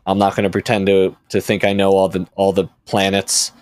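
A man's voice: low-pitched, completely flat delivery, a little fast, darkish tone, no echo. A man hosting a casual podcast discussion, rambling and interrupting himself as he talks things through. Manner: rambling, self-interrupting storyteller. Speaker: podcast host. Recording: dry studio sound.

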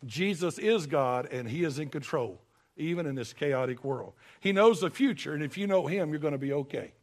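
Folksy preacher, higher voice. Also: male voice, animated, moderate pace. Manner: folksy, emphatic preaching with sudden loud bursts. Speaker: pastor. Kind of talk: sermon.

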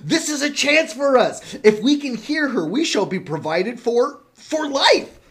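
A man voicing a greedy, scheming soldier who talks loud and excited in a comic storybook reading. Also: extremely high pitch, a little slow, voice pushed up, exaggerated voice. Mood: eager. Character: greedy scheming male soldier, cheeky and pushy.

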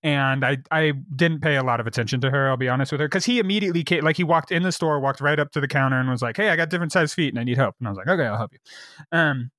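A man co-hosting a podcast, telling a work story in casual chat, animated and swearing, acting out the people he quotes. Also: mid-range voice, racing, dry recording, studio quality. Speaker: podcast co-host.

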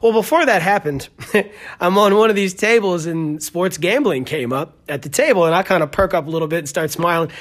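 A man's voice: sits high, lively intonation, a little fast, fairly bright tone. A man hosting a podcast, telling a story in a rambling, joking way full of tangents. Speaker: podcast host. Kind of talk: casual storytelling.

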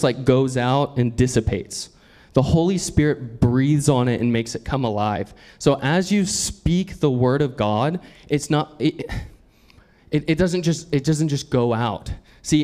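A man's voice: medium pitch, a little mellow. A man preaching a sermon in an earnest, conversational way, often laughing as he talks.

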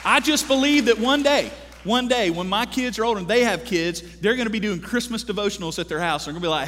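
A man in his thirties preaching a sermon to a congregation, animated and joking, calling out to the crowd for responses. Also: high-pitched, quick pace, hardly any pauses, slight background noise. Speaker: pastor. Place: large church hall. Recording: long hall reverb from a church.

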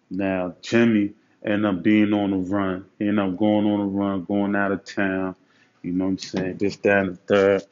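A man giving street advice in a casual storytelling monologue, full of slang and "you know what I'm saying". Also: lowish voice. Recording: muffled lo-fi recording with steady noise.

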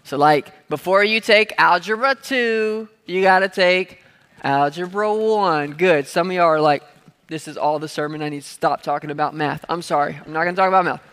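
A man's voice: on the high side, normal speed, a bit bright, smooth. A man preaching a sermon as pastor, talking conversationally with playful asides and having the crowd repeat key words. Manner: playful asides and everyday examples. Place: church hall. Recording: long reverb of a large hall.

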